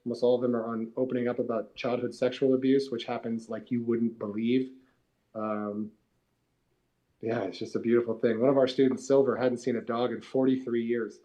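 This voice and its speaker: A man talks as a guest on a live community talk show, his voice warm and mellow. He tells his stories in an earnest way. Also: mid-range voice, level tone, a little fast, rough recording. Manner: earnest storytelling. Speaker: guest speaker, prison recovery mentor.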